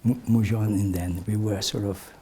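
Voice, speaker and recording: An older man recalling memories for a gathering in a slow, reflective way, his voice often sinking to a soft, breathy near-whisper. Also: on the low side, fairly even intonation, slight background noise. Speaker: community elder sharing memories. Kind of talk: reminiscing talk to a gathering.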